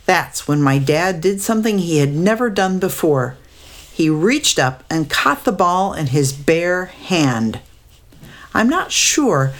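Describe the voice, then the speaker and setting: A woman narrating a children's story aloud in a calm, measured way. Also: low-pitched.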